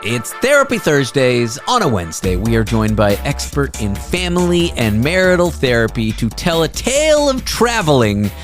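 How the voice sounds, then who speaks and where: Animated male host telling a story. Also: mid-range voice, moderate pace, hardly any pauses, soft background music. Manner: animated, self-deprecating anecdote telling. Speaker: radio show host. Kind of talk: casual storytelling chat.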